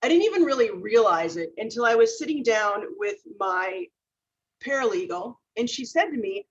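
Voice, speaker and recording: A woman's voice: on the high side, expressive, moderate pace, slightly rough, lo-fi sound. A woman speaker from Minnesota giving a motivational talk, telling personal stories earnestly and laughing at her own mistakes. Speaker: keynote speaker.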